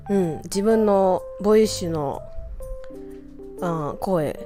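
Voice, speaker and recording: A woman's voice: on the low side, measured pace, pauses often, warm tone, faint music behind. Frank, foul-mouthed woman streamer chatting. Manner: frank, crude joking, laughs often. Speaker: VTuber streamer. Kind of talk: casual Q&A chat.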